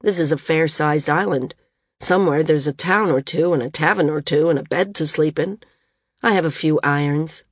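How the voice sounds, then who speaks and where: A woman's voice: sits low, normal speed, slightly rough, dry recording, studio quality. A woman voicing a cool, bitter young man flyer who speaks in a level, sardonic way.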